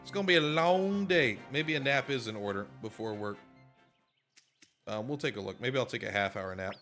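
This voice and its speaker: A male streamer in casual let's-play commentary, rambling and joking as he plays. He sounds tired and keeps yawning, at a medium pitch, with faint game music behind him. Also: animated, normal speed, a bit bright. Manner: rambling, jokey, reads game lines aloud. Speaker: gaming streamer.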